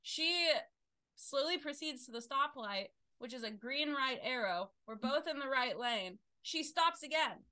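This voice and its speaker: Young female podcast co-host: bright voice, animated, swears freely, dry close mic. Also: high voice, unhurried, no room sound. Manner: animated storytelling, swears freely, loud outbursts. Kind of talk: casual chat.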